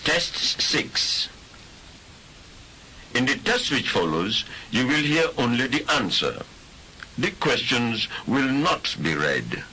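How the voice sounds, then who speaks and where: A man reads out numbered listening-test items slowly and deliberately. His voice is bright and lively in pitch, with a faint hiss behind it. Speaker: test recording announcer. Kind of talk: scripted test reading. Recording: hissy recording.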